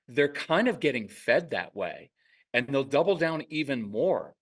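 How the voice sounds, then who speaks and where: A man talking casually in an interview, telling lively parenting stories and acting out parents and kids in quick asides. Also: mid-range voice, far from the mic. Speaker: parenting podcast host and guest expert. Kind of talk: conversational interview.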